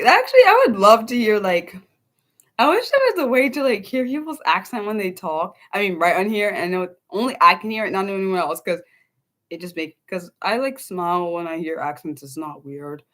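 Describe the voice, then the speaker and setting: A woman's voice: mid-range voice, expressive, a little fast, a bit bright. A young woman from the United States hosting an unscripted livestream, rambling casually to her chat with many ums and restarts. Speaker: livestream host.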